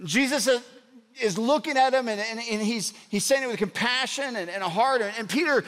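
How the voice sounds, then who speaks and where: A man in his forties preaching a sermon and telling a story, animated, and he drops low and soft for drama. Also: fairly quick. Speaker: pastor. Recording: long hall reverb.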